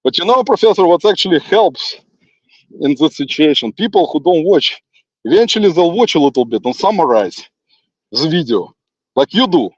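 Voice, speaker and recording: A man with a non-native English accent rambles on while walking outdoors, teasing an absent critic and chuckling between thoughts. His voice sits a little high, and the sound is dull and lo-fi, dry, with no room around it. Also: sing-song, moderate pace, dry recording. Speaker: livestream host. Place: outdoors in a forest.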